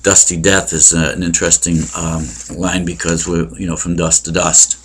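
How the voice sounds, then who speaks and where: A deep-voiced man talks through a poem at an unhurried pace. He lectures casually, stopping often to hunt for words, and reads verse aloud slowly when he quotes. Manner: halting, many ums and uhs, reads verse aloud slowly. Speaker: poetry teacher.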